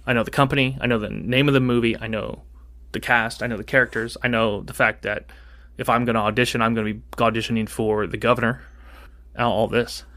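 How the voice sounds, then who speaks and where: Bright, animated man in casual podcast chat, rambling storyteller. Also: medium pitch. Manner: rambling, animated, acts out quoted dialogue. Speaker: podcast co-host.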